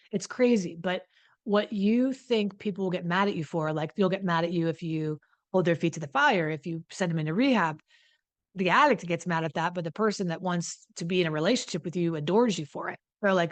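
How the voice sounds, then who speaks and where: A woman who hosts and coaches on addiction recovery gives a direct-to-camera advice talk, speaking bluntly and emphatically and swearing often. Her voice is on the low side and brisk, captured in a dry recording.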